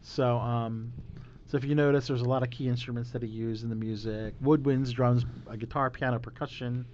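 A man's voice: mid-range voice, fairly even intonation, a little fast, darkish tone, a little hiss or hum. Rambling male podcast host, lo-fi. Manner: rambling, many fillers, laughs often. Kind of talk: casual chat. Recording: dull lo-fi recording.

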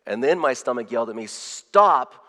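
A male pastor delivers a storytelling sermon in an ordinary middle register. His delivery surges and drops from loud to nearly hushed, often repeating words as he builds momentum. The sound carries the long reverb of a large church hall. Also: mid-range voice, moderate pace. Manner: animated, swings from loud to hushed, repeats words when excited.

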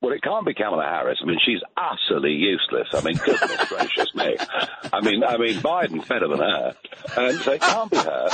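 A man's voice: low-pitched, huge pitch swings, fairly quick, background noise. A British man in his sixties, a guest commentator on a phone-in, talking emphatically and often restarting his words. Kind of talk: phone-in political chat. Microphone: telephone. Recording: tinny phone line.

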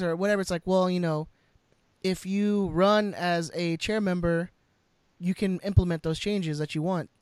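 High-voiced rambling man. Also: moderate pace, smooth, no room sound. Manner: rambling, repeats words, many fillers. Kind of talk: casual chat.

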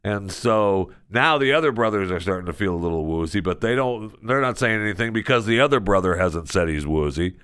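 A man hosting a radio show, chatting casually and telling a story with lively jokes from a studio. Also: lowish voice, brisk, hardly any pauses, smooth, no echo. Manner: animated storytelling, joking. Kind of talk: casual chat.

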